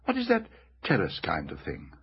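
A man's voice: low voice, wildly swooping pitch, moderate pace, breathy edge, highs cut off, pitched below the performer's own voice, heavily acted. A man voicing a thoughtful older girl in an audiobook, speaking in a dreamy, rather sing-song way.

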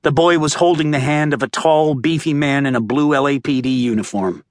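A man's voice: on the high side, fairly quick, dry recording. Man narrating a tense thriller. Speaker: audiobook narrator. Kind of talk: scripted narration. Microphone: close studio mic. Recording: dry close-miked studio.

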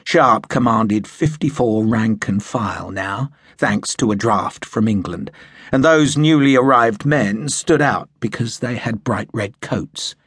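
A man narrating an audiobook in a measured, storytelling manner. His voice is low and husky. The recording is close and dry, with no room sound. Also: a bit bright, no room sound. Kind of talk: scripted narration.

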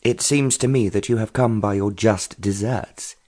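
An actor playing a cool, cultivated young aristocrat, speaking in a dry, commanding way. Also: male voice, lowish voice, fairly even intonation, moderate pace, darkish tone, natural voice.

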